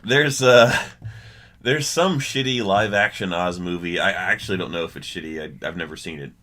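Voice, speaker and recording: A young man on a comedy podcast, giving long deadpan comic descriptions. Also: low voice, normal speed. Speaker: podcast co-host. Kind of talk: casual comedy chat.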